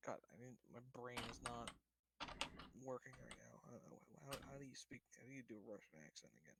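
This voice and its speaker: A man's voice: medium pitch, expressive, a little fast, heavy background noise. Casual swearing man at the game table. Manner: casual, swears, second-guesses himself. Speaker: player. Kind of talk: casual tabletop play chat.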